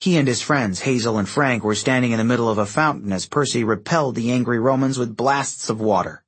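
A man reading an adventure audiobook aloud, expressive and giving each character a voice. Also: medium pitch, fairly quick, husky. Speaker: audiobook narrator. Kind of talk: scripted narration.

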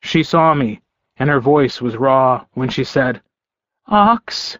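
A man narrating a story in first person with a measured, calm delivery. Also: medium pitch, no room sound, highs cut off. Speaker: audiobook narrator.

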